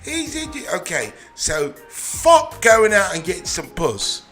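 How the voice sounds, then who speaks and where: A man's voice: sits high, wildly swooping pitch, slow, loud music behind the voice. A man hosting a podcast in casual chat, joking and swearing, now and then slipping into put-on British accents. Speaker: podcast host.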